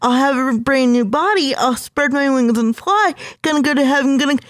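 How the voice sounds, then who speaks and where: A woman's voice: sits high, normal speed, no echo. A young woman, a podcast guest, telling a personal story with earnest emotion. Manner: earnest, emotional, acts out her younger self.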